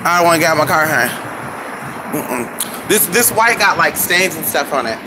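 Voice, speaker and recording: Sassy high-voiced man chatting from his car. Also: lively intonation, moderate pace. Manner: sassy, profane, talks to viewers as "y'all" and "honey". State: losing his voice. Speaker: vlogger. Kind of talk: casual live-stream chat. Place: in a car at a gas station. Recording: noisy phone audio in a car. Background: car and traffic noise.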